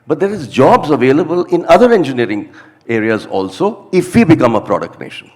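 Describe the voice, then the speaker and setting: A man's voice: on the high side, big pitch swings, fairly quick, a little mellow. A man answering firmly as a panelist in a discussion. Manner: emphatic, firm opinions.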